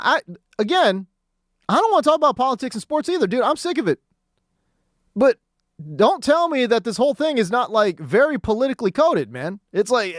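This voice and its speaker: A man's voice: very high voice, dry recording. A man hosting a sports talk radio show, ranting in a casual, slangy monologue from the studio.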